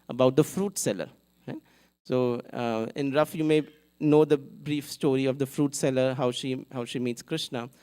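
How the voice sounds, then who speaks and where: A man's voice: mid-range voice, darkish tone. A man giving a live sermon at a temple, telling a devotional story in a conversational way and acting out its characters. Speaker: temple speaker.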